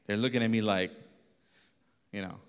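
A pastor telling a lively story in a sermon, acting out voices and laughing often. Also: male voice, fairly low pitch, normal speed, smooth. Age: adult. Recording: long reverb of a hall.

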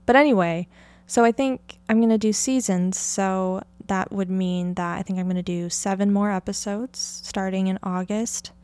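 A young woman from Oregon chats through a solo podcast episode, keeping her pitch in an ordinary middle register. She rambles freely from thought to thought. Filler words and small laughs run through her easy talk. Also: fairly even intonation, moderate pace, a little mellow, clean tone, no room sound. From Oregon, United States. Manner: chatty and rambling, heavy use of "like", light laughter. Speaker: podcast host. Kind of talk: casual solo podcast chat.

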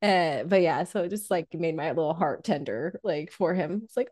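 Woman podcast co-host, low pitch, earnest casual chat. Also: lively intonation, moderate pace, few pauses, darkish tone, no echo, clean studio sound. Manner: chatty, earnest, full of "like" fillers.

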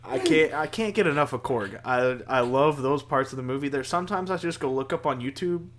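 A man with a mid-pitched voice chats on a podcast in a relaxed, rambling way. He gets enthusiastic as he talks, and a faint hum sits under the recording. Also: fairly quick. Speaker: podcast co-host. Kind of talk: casual podcast chat.

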